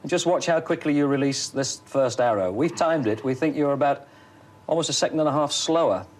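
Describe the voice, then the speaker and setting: A man interviewing on an archive TV broadcast, brisk and probing. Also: mid-range voice. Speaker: TV sports interviewer.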